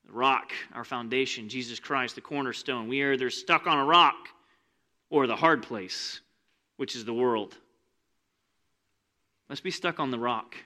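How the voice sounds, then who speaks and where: A man preaching a sermon in a church, animated and conversational, with asides to the congregation. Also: mid-range voice, measured pace, pauses often. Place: church sanctuary with rows of seats.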